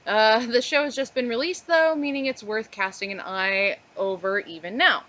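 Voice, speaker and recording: A woman's voice: a little high, moderate pace, fairly bright tone, lo-fi sound. Woman host reading an article aloud. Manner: reads aloud with offhand asides. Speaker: podcast co-host.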